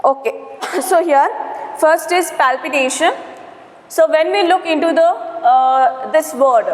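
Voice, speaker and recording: A woman, teaching a grammar lesson, repeating words and saying "okay" often. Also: sits high. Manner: slow, repetitive, spells out syllables, frequent "okay". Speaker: English teacher. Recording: roomy echo with long reverb.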